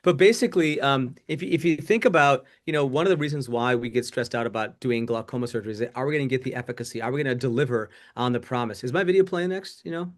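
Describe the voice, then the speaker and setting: Brief: middle-aged male surgeon, rapid animated delivery, self-correcting. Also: medium pitch. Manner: fast, animated, quick restarts. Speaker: glaucoma surgeon panelist. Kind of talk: webinar talk.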